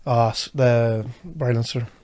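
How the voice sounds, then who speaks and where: A man's voice: mid-range voice, fairly even intonation, measured pace, dark tone. A man co-hosting a podcast, teasing his partner with dry remarks. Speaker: podcast co-host. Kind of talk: casual banter.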